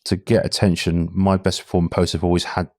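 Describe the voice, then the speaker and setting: A man's voice: deep voice, flat delivery, a little fast, darkish tone, no room sound, clean studio sound. A British man speaking candidly as a guest in a casual podcast interview, with frequent restarts. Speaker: podcast guest, talent acquisition head.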